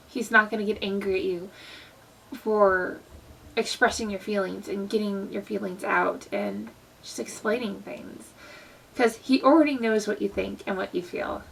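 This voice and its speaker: A woman's voice: medium pitch, animated, normal speed, gravelly, distant mic, a little hiss or hum, poor audio. A young woman talking in a casual, earnest vlog style about faith, with plenty of fillers. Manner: earnest, conversational, many fillers. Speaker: Christian vlogger. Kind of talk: casual devotional vlog talk.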